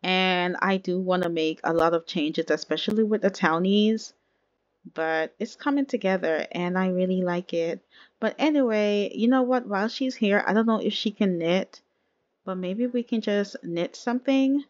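A woman chats her way through a life-simulation game, laughing often and talking to her viewers like friends. Her voice sits at an ordinary middle pitch. The recording has a slightly muffled, lo-fi sound. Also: normal speed. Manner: chatty, laughing, addresses viewers as y'all. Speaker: let's play host. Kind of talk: casual game commentary.

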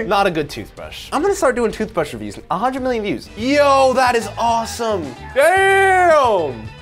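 A young man giving casual, slangy reaction commentary on short videos, full of quick exclamations. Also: very high voice, sing-song, over music.

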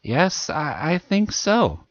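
A man putting on a gentle, anxious frontier mother. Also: on the high side, huge pitch swings, slow, no room sound, lo-fi sound, pitched above the performer's own voice, exaggerated voice. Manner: gentle, soothing, with restrained fear. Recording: music playing behind the reading.

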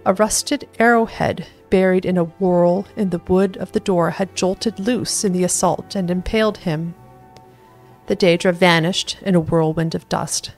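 A woman narrating a fantasy book as an audiobook reader, in a steady storytelling read. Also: on the low side, a little slow, faint music behind.

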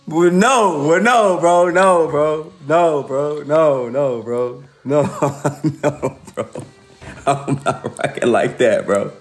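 A man's voice: fairly high pitch, slow pace, faint music behind. A man ranting casually on a livestream, profane and laughing often.

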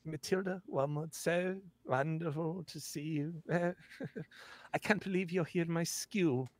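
Man doing a posh, shrill headmistress voice. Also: steady tone, measured pace, no room sound, lightly acted. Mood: falsely sweet. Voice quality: high, lilting, with rolled sounds and a put-on posh tone. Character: posh, pompous headmistress, a woman putting on airs.

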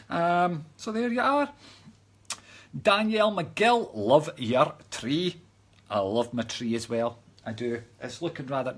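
A man's voice: medium pitch, husky. A Scottish man hosting a casual live stream as a psychic medium, bantering playfully with his viewers and reading out their comments. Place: home room by a Christmas tree. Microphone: webcam close-up.

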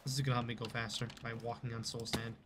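A fast-talking streamer with a mid-range voice and little pitch movement provides live gameplay commentary from his computer desk. He keeps up a chatty, self-mocking patter and talks to the game's creatures over a noisy background.

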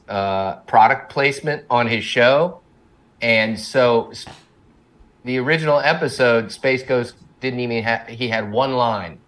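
A man's voice: medium pitch, a bit bright. A middle-aged man, a cartoon co-creator, chatting casually as an interview guest, rambling and self-deprecating with frequent laughs.

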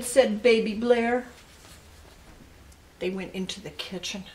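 A woman's voice: medium pitch, takes it slowly, pauses often. An older woman, a grandmother, reading picture books aloud to her grandchildren and adding asides to them. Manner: animated storytelling with asides to children.

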